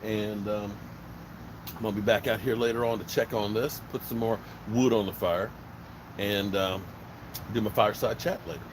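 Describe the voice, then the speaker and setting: A man's voice: lowish voice, steady tone, moderate pace, background noise. A man from Virginia hosting a casual live stream, talking bluntly and rambling, swearing freely. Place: outdoors by a smoker fire.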